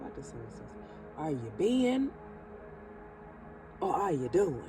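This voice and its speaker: A woman with a deep voice hosts a spiritual energy reading on her channel, speaking affirmations, drawing out her words, calling the listener "baby," and chuckling. Music plays behind her, and the recording quality is low.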